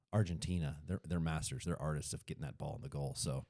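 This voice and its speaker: A man's voice: a bass voice, fairly even intonation, a little fast, vocal fry, darkish tone, dry recording, clean studio sound. A man with a Colorado accent, co-hosting a podcast in casual chat, rambling and correcting himself as he goes. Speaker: podcast co-host.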